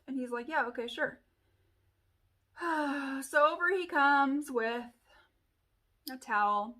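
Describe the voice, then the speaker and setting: Bright, high-voiced chatty woman vlogger. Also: measured pace, long pauses. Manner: animated, chatty storytelling with lots of fillers. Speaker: beauty vlogger. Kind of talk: casual storytime chat.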